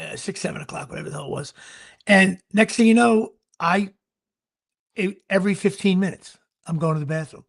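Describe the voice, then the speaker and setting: A man with a high, gravelly voice hosts a casual talk show. He tells his story in an animated, rambling way, circling back and restarting his sentences again and again. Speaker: podcast host.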